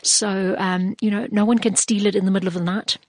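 A woman's voice: mid-range voice, flat delivery, a little fast, dry recording. A South African woman who invests in property, talking through her advice in a casual interview with lots of restarts. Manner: chatty, with many restarts and fillers.

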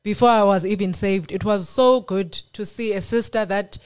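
A woman from South Africa telling her faith testimony on a radio talk show, earnest and animated. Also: medium pitch, moderate pace, smooth. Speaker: guest sharing testimony.

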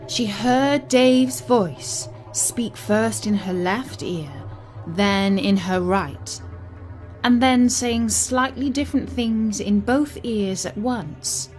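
Casting: woman storyteller, unhurried and wry, mid pitch, soft music behind. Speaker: narrator. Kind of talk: storybook reading.

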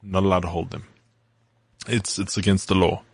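Podcast guy, lowish voice, goes on long detailed tangents, dry sound. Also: level tone, moderate pace, breathy edge, no room sound. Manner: rambling, detailed travel storytelling. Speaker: podcast co-host. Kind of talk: casual chat.

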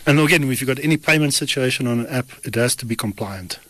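A man's voice: mid-range voice, quick pace, bright, forceful tone, rough recording. A man, a creative agency director, explaining app payment options on a radio show with some hesitation.

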